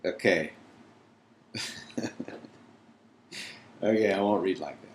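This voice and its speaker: A man's voice: low-pitched, takes it slowly, long pauses. A father reading a storybook aloud to his children, chatting playfully between passages. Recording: roomy echo.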